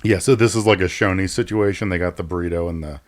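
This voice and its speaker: A man's voice: sits low, steady tone, quick pace. A man co-hosting a podcast, amused and laughing along in a casual chat. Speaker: podcast co-host. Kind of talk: casual movie-riffing chat.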